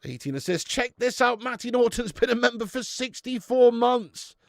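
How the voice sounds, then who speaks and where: A man's voice: extremely high pitch, moderate pace, no room sound, clean studio sound. A young man hosting a live football watch-along, cheering, swearing and chatting with his viewers. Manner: excitable, swearing, banter with chat. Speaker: fan channel host.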